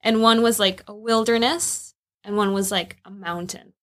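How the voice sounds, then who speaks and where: A woman's voice: mid-range voice, steady tone, normal speed, a bit bright. A woman casually sharing a faith testimony about her marriage in a reflective way, laughing now and then. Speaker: wife telling their story.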